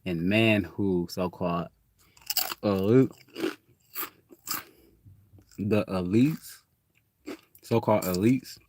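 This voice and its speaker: Profane, rambling man, lowish voice. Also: very slow, long pauses, darkish tone, slight background noise. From Detroit, USA. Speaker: host. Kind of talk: casual spiritual monologue.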